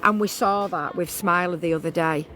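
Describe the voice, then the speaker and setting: A woman's voice: on the low side, fairly even intonation, normal speed, sharp tone, slight background noise. A woman vlogging casually outdoors on a beach, talking in a rambling, chatty way with many restarts.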